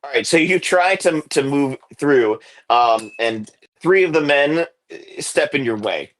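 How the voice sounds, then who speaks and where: A man narrating as game master of a tabletop game, pausing often with ums and uhs. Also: a little high, animated, fairly bright tone. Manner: hesitant, many ums and uhs.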